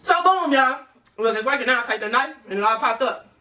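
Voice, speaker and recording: A woman telling a personal story casually to her viewers, profane and animated, often calling out to them as y'all. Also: on the high side, a little fast, far from the mic, slight background noise.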